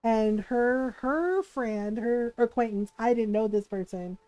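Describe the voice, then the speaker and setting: A woman's voice: a little high, slow, dark tone, no room sound, rough recording. A woman streamer telling a family story in casual chat, swearing freely and tagging lines with "right?".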